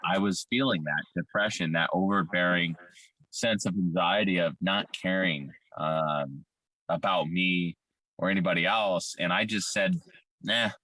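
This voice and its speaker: A man recounting a painful childhood experience in candid, profane, halting personal testimony full of fillers. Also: low voice, pushed and bright, no echo. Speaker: survivor telling his story.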